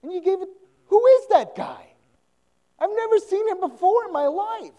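A man preaching, voicing a young boy, the widow's son, who shouts in high disbelief. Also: lively intonation, normal speed, long reverb tail, dull audio. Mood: indignant.

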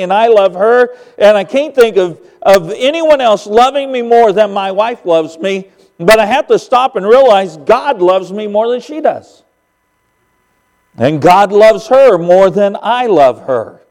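A man in his fifties preaching a sermon in a church as a guest preacher, earnest and homespun, swinging between emphatic lines and hushed ones. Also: high voice.

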